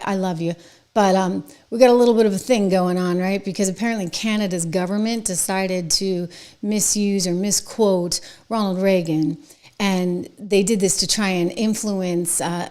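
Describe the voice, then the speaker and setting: Excitable woman hosting commentary. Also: mid-range voice, normal speed. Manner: emphatic, excitable, chatty. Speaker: show host. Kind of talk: opinion commentary.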